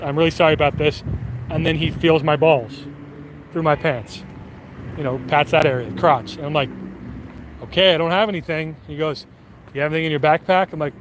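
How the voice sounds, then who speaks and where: A man streaming from his phone while out walking, telling a rambling, profane story with animated quoted voices. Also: on the high side, background noise.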